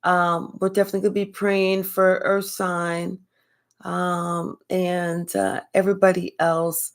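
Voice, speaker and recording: An older woman hosting a live spiritual reading stream, chatting casually and thanking viewers by name in a relaxed, affectionate way. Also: fairly low pitch, measured pace.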